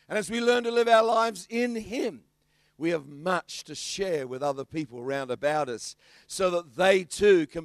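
Australian man, pastor preaching, animated storytelling, higher voice, dry close sound. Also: no echo. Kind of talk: sermon.

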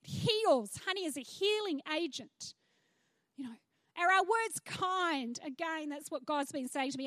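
A woman's voice: sits high, animated, unhurried, fairly bright tone, no room sound. An Australian woman pastor preaching on a church stage, chatty, with frank asides to the congregation. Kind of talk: sermon.

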